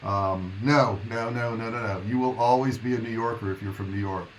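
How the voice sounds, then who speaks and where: A man's voice: lowish voice, fairly even intonation, fairly quick, slight background noise, rough recording. A man hosting a casual live stream, talking to his viewers in a loose, rambling, chatty way. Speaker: livestream host.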